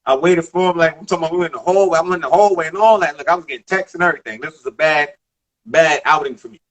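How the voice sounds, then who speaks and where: A man in his thirties from the Bronx with a New York accent, telling stories in a casual interview, animated, emphatic and profane. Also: on the high side, rapid-fire. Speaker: former basketball player, guest.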